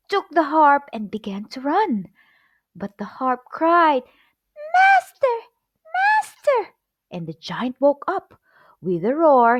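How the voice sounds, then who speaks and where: A woman reads a children's story aloud with an expressive, clear delivery. She takes her time, and her pitch rises and falls in a lively way. The sound is close and completely dry. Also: no room sound.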